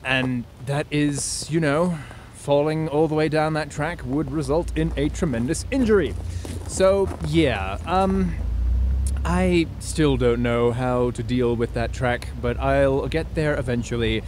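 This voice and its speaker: A young man chatting casually to the camera outdoors on a ski slope, excitable and thinking aloud as he goes. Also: a little high, measured pace, a little hiss or hum. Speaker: vlogger learning to snowboard. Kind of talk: casual vlog commentary.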